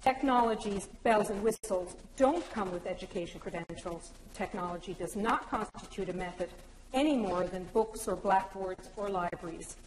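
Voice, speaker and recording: A woman gives a measured conference talk, speaking clearly and directly to her audience. Her voice rings through a large lecture hall with a long reverb. A faint hiss lies under it. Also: mid-range voice, darkish tone.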